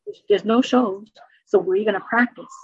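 A woman stand-up comedian from El Paso, chatting casually in an interview, telling stories with quick restarts and acted-out asides. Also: mid-range voice, husky, no echo, lo-fi sound. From El Paso, Texas. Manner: animated storytelling with quick self-corrections and voiced asides.

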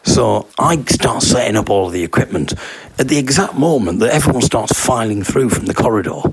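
Male podcast host, husky, rambling self-deprecating raconteur. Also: mid-range voice, lively intonation, brisk, dry recording. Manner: rambling, self-deprecating storytelling with vocal sound effects. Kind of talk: comic anecdote.

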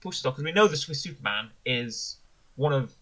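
A man's voice: medium pitch, expressive, normal speed, pushed and bright, low-quality recording. A man co-hosting a casual review podcast, rambling enthusiastically and correcting himself as he goes. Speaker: podcast co-host. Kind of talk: casual wrestling review chat.

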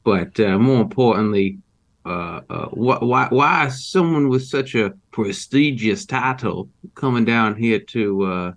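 A man voicing a gruff, hot-tempered small-town male rancher during a tabletop game, talking in a folksy, halting way full of fillers and cursing. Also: mid-range voice, animated. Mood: prickly. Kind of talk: in-character role-play.

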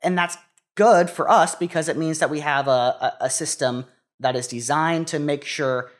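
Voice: medium pitch, moderate pace. A young adult talking in a casual conversation, hesitant and full of restarts. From United States. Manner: hesitant, many restarts and fillers.

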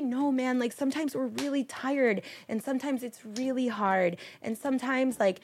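A mother on a parenting podcast telling stories in an animated, emotional way. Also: on the high side, fairly quick, hardly any pauses. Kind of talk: casual podcast conversation.

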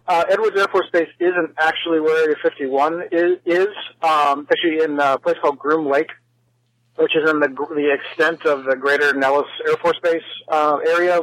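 A man's voice: on the high side, fairly bright tone, low-quality recording. A man leaving a rambling, wry voicemail message for a podcast, with many fillers. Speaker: voicemail caller.

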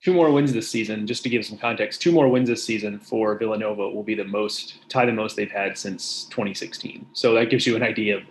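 A man co-hosting a podcast, talking fast and hedging his points. His voice sits fairly low, and the recording is roomy with faint background noise. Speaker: podcast co-host. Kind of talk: casual sports chat.

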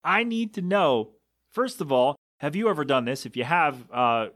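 A man on a home podcast rig talks alone to his listeners, venting in a rambling, incredulous manner. His voice sits a little high and sounds close and dry, from a small room with no window. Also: lively intonation, normal speed, fairly bright tone, no room sound. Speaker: podcast host. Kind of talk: solo podcast monologue. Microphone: home podcast mixer setup.

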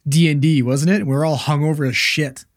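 A man co-hosting a casual podcast, telling stories in an animated way and swearing a lot. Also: a little high, fast. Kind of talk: casual chat.

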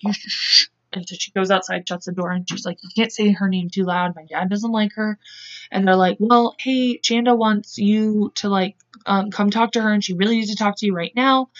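A woman's voice: mid-range voice, fairly bright tone, lo-fi sound. Chatty woman telling a true-crime story. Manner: chatty, acts out quotes with voices, laughs often. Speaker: podcast co-host.

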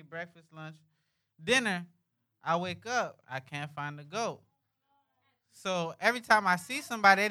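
A young man telling a comic story at an open mic, slangy and animated, constantly checking in with the crowd. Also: high-pitched, clean tone. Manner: slangy, animated, keeps asking "you feel me".

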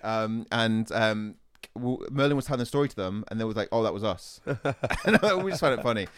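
Young male podcaster, lowish voice, lively, foul-mouthed, in a dry room. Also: clean tone, no room sound. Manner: animated, swearing, quick retorts. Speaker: podcast host. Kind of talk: casual storytelling chat.

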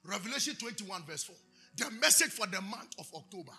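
A man with a Ghanaian English accent preaching a sermon, moving between chanted shouted declarations and quiet storytelling. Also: sits high, big pitch swings, a little fast, slightly rough, faint music behind.

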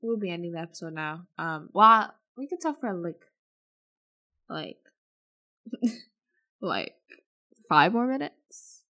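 A teenage girl on a podcast whose pitch swings widely as she talks, sarcastic and animated. She fills her speech with "um" and "like" in loose, casual chat. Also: takes it slowly, pauses often, highs cut off. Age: teens. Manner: sarcastic, animated, many fillers. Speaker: podcast co-host.

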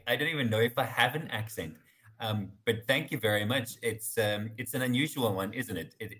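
A man with a South African accent, a voice artist being interviewed, chatting in a warm, effusive way and laughing easily. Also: lowish voice. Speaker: podcast guest, voice artist. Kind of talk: casual interview chat.

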